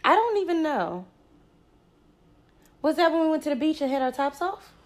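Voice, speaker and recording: A woman's voice: sits high, lively intonation, normal speed. A woman co-hosting a casual chat, talking bluntly with slang and swearing. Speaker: podcast co-host.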